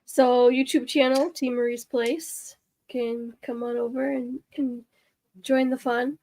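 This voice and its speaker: A woman guest on a casual podcast, slowly and calmly giving out where people can find her. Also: high voice, slight background noise. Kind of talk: casual chat.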